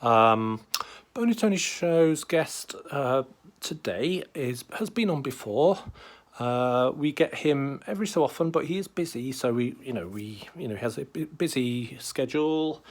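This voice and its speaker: A man's voice: medium pitch, expressive, measured pace. Hesitant, rambling male comedy host. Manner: hesitant and rambling, full of fillers and restarts. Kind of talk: comic improvised interview.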